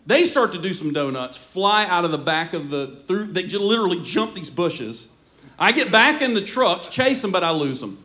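A man preaching a sermon in church, telling a story in an animated way and often laughing as he talks. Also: high-pitched. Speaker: pastor.

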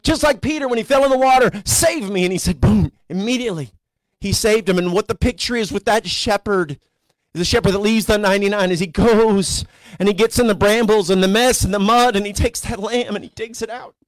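High-voiced conversational male pastor. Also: fairly quick, dry recording. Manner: conversational storytelling preacher, voices characters casually. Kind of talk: sermon.

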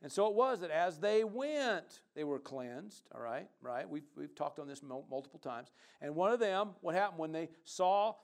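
A man preaching a sermon as pastor, reading scripture aloud and moving from conversational asides to loud emphatic bursts while calling for amens. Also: fairly high pitch, lively intonation, moderate pace, few pauses.

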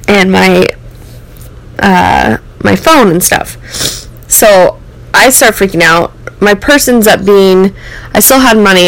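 On poor audio, the young American host speaks in a lowish voice as she tells a personal story. Her delivery is candid and rambling, with lots of "like" and "um."

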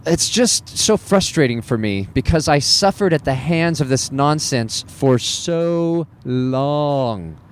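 A man's voice: on the high side, lively intonation, takes it slowly, few pauses, a little hiss or hum. A man who works as a stand-up comedian, talking in a casual, self-deprecating monologue with wry laughs.

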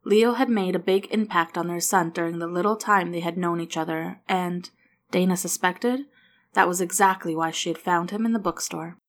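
A woman reads a story aloud in an even, unhurried way. Her voice sits on the low side for a woman. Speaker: narrator.

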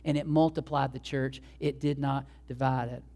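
A man's voice: medium pitch, flat delivery, normal speed, vocal fry, mellow. A male pastor giving a sermon, telling a story in a conversational way with asides to the congregation.

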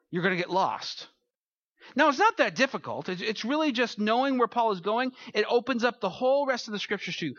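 High, bright-voiced joking preacher man. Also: no echo, highs cut off. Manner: chatty, joking storyteller. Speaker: pastor. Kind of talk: sermon with humorous stories.

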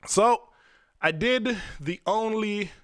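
A man's voice: high-pitched, slow, no room sound, clean studio sound. A young man hosting a podcast, telling a personal story in a candid, profane way, full of "like" and restarts. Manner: candid, profane, fills talk with "like". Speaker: podcast host.

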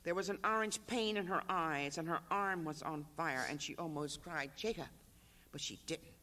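An author reading a literary excerpt aloud at a panel, measured and rhythmic. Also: male voice, a little high, sharp tone.

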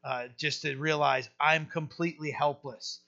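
A middle-aged male pastor gives a relaxed, conversational sermon, often restarting his sentences and filling pauses. His voice is bright and a little high, and the recording sounds dull and lo-fi. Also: vocal fry. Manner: casual, halting, with many fillers and restarts.

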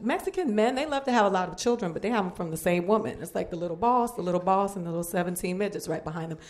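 A woman's voice: mid-range voice, expressive, rapid-fire, few pauses, a little mellow. A Puerto Rican woman performing a stand-up comedy set, with punchy, conversational joke delivery. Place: comedy club stage. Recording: live club crowd and noise.

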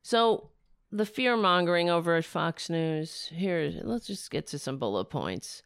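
A woman hosting a political talk show, speaking in a sarcastic, rambling way while her voice is going hoarse. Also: on the low side, lively intonation, a little slow, no echo, clean studio sound. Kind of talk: casual opinion commentary.

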